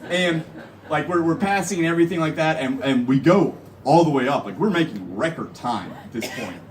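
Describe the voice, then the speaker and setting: Filmed from a distance on an audience member's phone at a live show venue, this clip has a faint hiss or hum. On stage, a young man rambles through a funny story, loading it with "like" and "literally." His voice is a little high and a little fast, with lively intonation.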